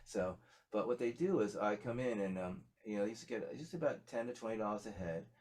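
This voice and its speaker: A man's voice: on the low side, a little fast, a little mellow. A man talking as a guest musician in a casual interview, rambling with many fillers and restarts.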